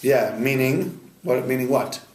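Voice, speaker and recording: A man, a rabbi, teaching a Talmud class in a study hall, firing questions at his students in a lively way. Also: mid-range voice, a little slow. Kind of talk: interactive Talmud lesson.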